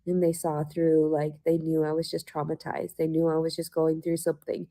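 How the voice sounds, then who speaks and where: A woman's voice: deep voice, completely flat delivery, normal speed, mellow. A woman ranting to her viewers in a mocking, sarcastic way, swearing often and laughing to herself. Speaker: vlogger.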